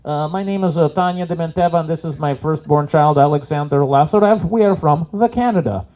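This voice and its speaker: A man voicing a stern middle-aged Russian mother who speaks in a halting, formal way with a heavy Russian accent. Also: a little high, a little mellow, voice pushed up, close to an everyday voice. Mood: stiffly formal. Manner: stiff, formal, halting introductions.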